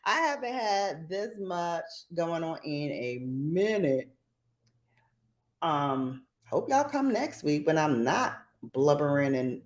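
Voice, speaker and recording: Slow, lively-pitched woman hosting a stream. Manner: animated, sassy, jumps to squeals. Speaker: livestream host. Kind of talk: casual livestream chat.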